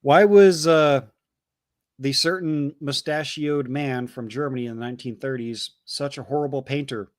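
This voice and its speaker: A man's voice: medium pitch, normal speed, no room sound, studio quality. A man co-hosting a casual livestream, reading chat messages aloud with loose jokes and stumbling repeats.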